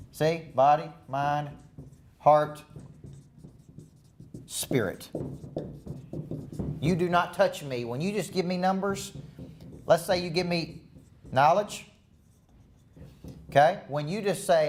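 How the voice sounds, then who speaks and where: A man's voice: on the high side, lively intonation, a little slow, pauses often, slight background noise. A man coaching managers at a live seminar, talking in an emphatic, repetitive, rallying way. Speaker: business coach. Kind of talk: live motivational seminar talk.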